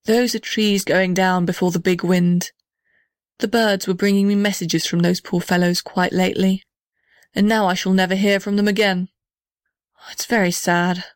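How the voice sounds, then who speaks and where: A woman voicing a big old male gum tree in a storybook, speaking gravely and knowingly. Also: medium pitch, level tone, normal speed, no echo, studio quality, lightly acted. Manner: grave, declaring.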